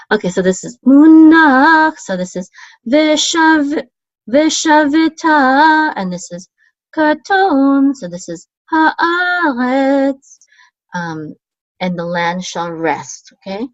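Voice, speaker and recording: A woman's voice: fairly even intonation, dry recording. Woman teaching Hebrew chant marks, lo-fi. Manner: chants the marks and words higher and slower, explains at a quick low murmur, many ums. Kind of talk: casual teaching, chanting trope words.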